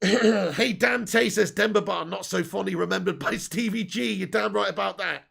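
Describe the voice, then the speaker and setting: A man's voice: sits high, normal speed, gravelly, a bit bright, breathy edge. A man hosting a football fan live stream, chatting casually, giving opinionated takes and reading out viewer comments. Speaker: football fan channel host.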